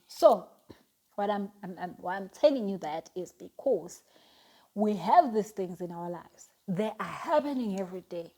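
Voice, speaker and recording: A young woman gives a motivational talk as a life coach, earnest and chatty. Her voice sits at an ordinary pitch with a mellow, unforced tone. She often restarts her sentences and fills pauses as she talks.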